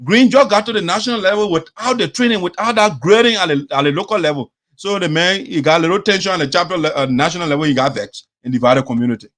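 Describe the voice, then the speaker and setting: A man with a Liberian English accent and a high, light voice, delivering opinionated commentary as host. He talks with animation, drops into phrases of his local language, and imitates the people he is discussing. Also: quick pace, few pauses, a bit bright. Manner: mimics the people he talks about.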